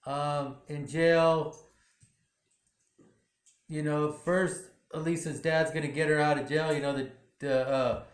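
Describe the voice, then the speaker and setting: A man with a fairly high voice talks through a drama episode, rambling and loose, leaning on "you know" between thoughts. The room around him is echoey. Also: fairly even intonation, slow, long pauses. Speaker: drama recap vlogger. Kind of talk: casual episode recap. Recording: roomy echo.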